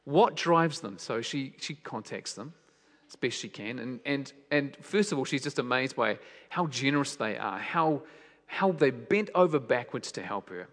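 A male preacher speaks at an ordinary pitch. He tells his stories by dropping to hushed lines and then rising into emphatic questions, and his voice rings out with a long hall reverb behind it. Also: animated, moderate pace. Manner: storytelling, shifts between soft hushed lines and raised emphatic questions. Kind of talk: sermon.

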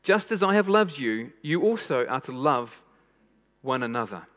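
A man's voice: medium pitch, big pitch swings, normal speed, fairly bright tone. A man preaching a sermon in an earnest way, repeating phrases for emphasis. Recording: long hall reverb.

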